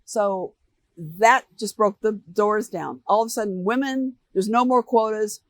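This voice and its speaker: An older American woman answering interview questions, telling animated stories and acting out the voices of people she quotes. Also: medium pitch, a little slow. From United States. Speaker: interview guest. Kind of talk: relaxed storytelling interview.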